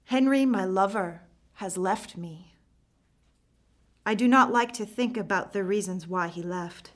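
Woman reading a first-person story out loud, earnest and thoughtful, expressive. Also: on the low side, unhurried. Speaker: narrator.

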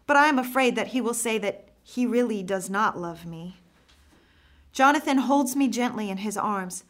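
A woman reading a first-person story aloud, earnest and reflective, with expressive phrasing. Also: medium pitch, moderate pace. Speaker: narrator.

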